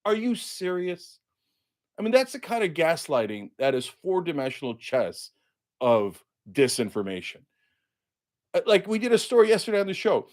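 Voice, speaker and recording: A male show host delivers heated political commentary, sarcastic and indignant, mocking those he quotes. He speaks at normal speed with big pitch swings, hitting key words loudly and high.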